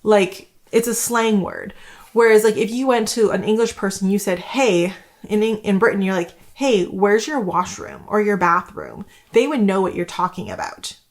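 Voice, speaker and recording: A woman from Canada, in her thirties, talking casually to camera about homeschooling, rambling with many fillers. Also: medium pitch. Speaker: homeschooling vlogger.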